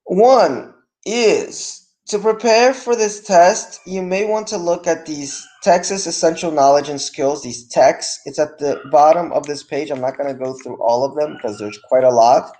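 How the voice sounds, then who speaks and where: A male teacher reviewing vocabulary for an online class, stressing each term loudly and explaining it over a video call. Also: a little high, measured pace, few pauses. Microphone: computer mic on a video call with screen sharing.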